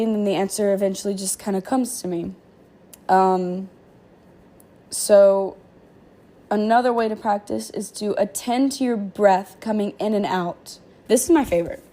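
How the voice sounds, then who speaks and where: A woman reading meditation instructions in a slow, soothing way, then dropping into relaxed, offhand commentary. Her talk is informal and loose, with fillers and casual slang between the calm read-aloud passages. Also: mid-range voice. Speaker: vlogger sharing therapy skills lessons.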